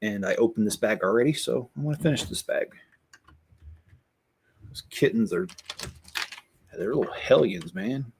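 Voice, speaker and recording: A middle-aged Lego builder and channel host chats casually and candidly while building, rambling with many restarts and asides. His voice is lowish and a little mellow, animated at normal speed, with vocal fry and long pauses, and there's slight background noise.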